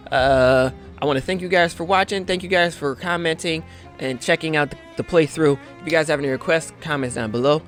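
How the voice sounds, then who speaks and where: A man hosting a let's-play gaming video, giving upbeat, excitable commentary and a sign-off. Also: on the high side, a little fast, soft background music. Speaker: gaming channel host.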